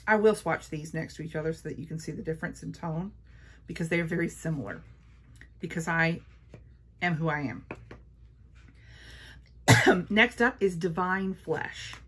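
A woman's voice: low voice, moderate pace, long pauses, fairly bright tone, husky. A woman chatting casually through a makeup haul, gushing and repeating her praise. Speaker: beauty vlogger.

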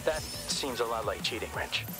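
A man voicing a level-headed hacker sidekick in a video game. He speaks calmly with a dry, teasing edge. Loud game music runs underneath. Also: medium pitch, moderate pace, lightly acted.

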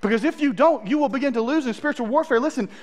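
A man's voice: extremely high pitch, very fast. A man, a pastor, preaching a sermon, reading scripture aloud with asides and praying earnestly.

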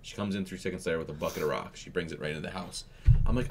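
A man's voice: sits low, rapid-fire, a little hiss or hum. A man co-hosting a reaction channel, telling an exasperated, swearing story about parenting. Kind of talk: casual storytelling chat.

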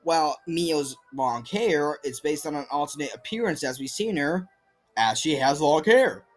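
A man's voice: a little high, expressive, normal speed. A young man giving a casual voice-over about fan-made game movesets, rambling and self-deprecating with many fillers and restarts. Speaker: video creator presenting fan movesets. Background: faint background music.

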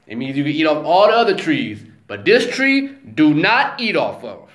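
Man vlogging on scripture, high-pitched, slow and emphatic, in an echoey room. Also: big pitch swings, a bit bright. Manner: slow, emphatic, conversational, says "you know what I'm saying". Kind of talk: casual religious talk. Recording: roomy echo.

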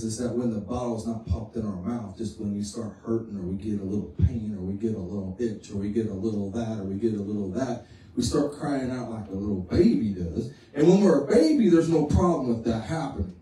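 A man's voice: fairly low pitch, a little fast, warm tone. A man pastor preaching a sermon in a folksy, conversational way, often repeating his phrases. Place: church sanctuary. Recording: echoey room, voice from far off.

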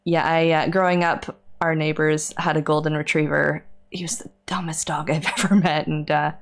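A woman's voice: low-pitched, little pitch movement, normal speed. A woman streamer and librarian in casual live-stream chat while gaming, chatty, laughing often and reading chat aloud.

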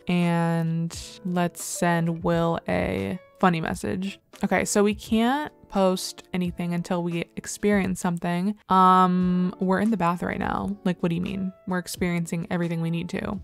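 This is a young woman talking her way through a life-sim game, rambling and leaning hard on filler words. Her voice sits a little low for a woman, and soft music plays faintly behind her. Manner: gushing squeals over cute moments. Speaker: let's play creator. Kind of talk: casual game commentary.

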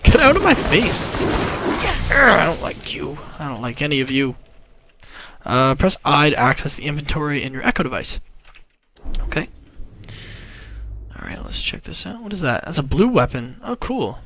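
A let's play gamer commentating excitedly, laughing and yelling at enemies. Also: mid-range voice, normal speed, pauses often, slight background noise. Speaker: game player. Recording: gameplay audio behind.

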